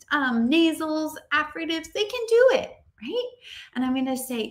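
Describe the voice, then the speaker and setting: A woman teacher giving a casual, upbeat training talk to other teachers, chatty and lively. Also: high voice. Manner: upbeat, chatty, acts out classroom dialogue.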